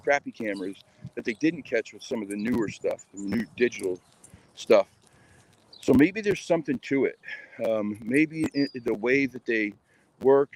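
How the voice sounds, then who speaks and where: A man's voice: medium pitch, darkish tone, slight background noise, poor audio. A man chatting casually to his viewers in a rambling, hesitant way, full of fillers. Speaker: cryptid vlogger.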